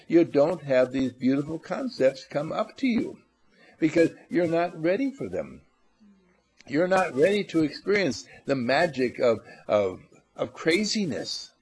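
A man's voice: on the high side, darkish tone. A man giving an inspirational talk, playful, acting out little scenes and repeating phrases for emphasis. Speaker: motivational speaker.

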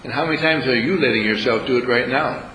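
A man's voice: medium pitch, fast talker, pushed and bright, echoey room, a little hiss or hum, poor audio. A man leading a spiritual retreat, talking live to a room audience in a playful, teasing way. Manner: playful, teasing, acts out little scenes with voices.

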